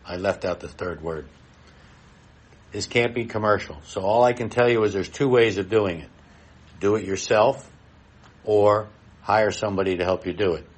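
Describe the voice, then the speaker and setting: A middle-aged man with a lowish voice presents at a live expo. He talks in a blunt, folksy way and speaks directly to the people in the room. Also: normal speed.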